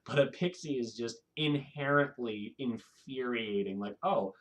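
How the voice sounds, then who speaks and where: A man hosting his own video, talking casually to camera in a rambling, animated way and laughing often. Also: mid-range voice, unhurried. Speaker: video host.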